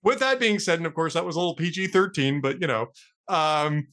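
A man's voice: fairly high pitch, brisk, a little hiss or hum. A man hosting a talk show, chatting casually and telling a long joke with acted-out voices. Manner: lively storyteller who acts out the characters' lines. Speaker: radio talk show host. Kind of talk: casual chat, telling jokes.

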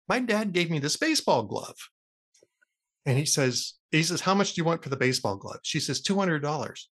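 A man hosting a talk show tells jokes in a casual, chatty way. His voice is fairly high for a man and swings widely in pitch as he acts out the characters' lines. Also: moderate pace, breathy edge. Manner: lively storyteller who acts out the characters' lines. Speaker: radio talk show host. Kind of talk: casual chat, telling jokes.

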